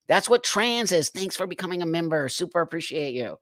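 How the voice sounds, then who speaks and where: A man's voice: fairly high pitch, sing-song, a little fast, a bit bright, no echo. A man hosting a livestream, reacting to clips with incredulous, exasperated commentary and frequent laughter. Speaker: livestream host.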